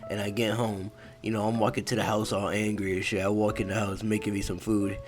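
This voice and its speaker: A man's voice: fairly low pitch, level tone, a little fast, over music. A young man narrating a casual story in a laid-back, profane way, full of fillers.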